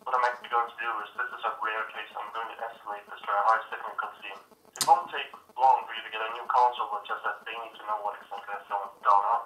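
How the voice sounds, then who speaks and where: Support guy on speakerphone, low flat voice, quick and bright, sounds far off and echoey. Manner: apologetic, polite, hesitant fillers. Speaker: customer support agent. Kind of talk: scripted customer service phone talk. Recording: tinny, distant phone line with echo and faint noise.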